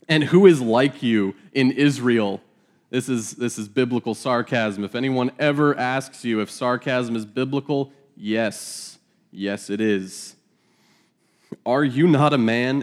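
A man reading scripture aloud and teaching it verse by verse, in a casual, joking manner with laughing asides. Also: medium pitch. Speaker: Bible teacher.

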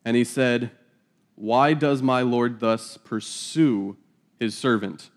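This time the Bible teacher moves slowly, his voice medium in pitch. He reads scripture and teaches it verse by verse in a relaxed, jokey style, dropping in asides with laughter.

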